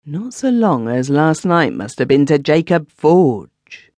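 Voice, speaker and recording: A man voicing Smith, a kindly, emotional villager in an audiobook, talking gossipy and eager, swinging up in pitch. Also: sing-song, a little mellow, no room sound, heavily acted. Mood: earnest. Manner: gossipy, quick to burst into feeling. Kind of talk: audiobook character voice.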